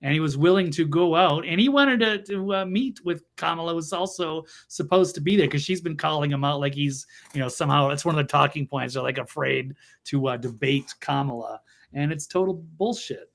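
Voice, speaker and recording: A slightly high-pitched man with a gravelly, fry-filled voice hosts a political talk show. He comments bluntly and mockingly, often restarting his sentences. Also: fairly quick, fairly bright tone. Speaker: show host.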